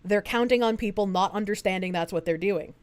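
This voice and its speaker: A woman's voice: medium pitch, brisk, darkish tone, clean tone. A young woman streaming, talking politics in a casual, argumentative and emphatic way. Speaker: streamer host.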